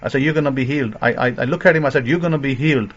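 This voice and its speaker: A male religious teacher speaking at a middle pitch, telling a long story in sermon style. He rambles, circles back and restarts his phrases. The recording is dull and lo-fi. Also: very fast, husky. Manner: rambling, many fillers and restarts.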